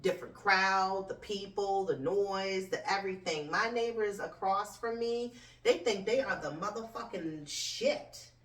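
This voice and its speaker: Brash woman host, profane comedic rant, recorded off-mic in an echoey room. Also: unhurried. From United States. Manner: blunt, swearing, animated swings in pitch. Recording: roomy echo, distant from mic.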